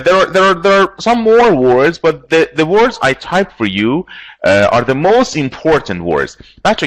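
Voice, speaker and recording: A man with a Persian accent teaching English vocabulary in an online class, speaking example sentences slowly and switching into Persian. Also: medium pitch, a bit bright, poor audio. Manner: slow, spells out example sentences, mixes in Persian.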